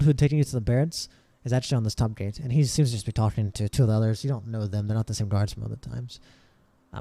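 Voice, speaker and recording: A man narrating a tabletop role-playing game as game master, relaxed and halting with many fillers. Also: medium pitch, no echo.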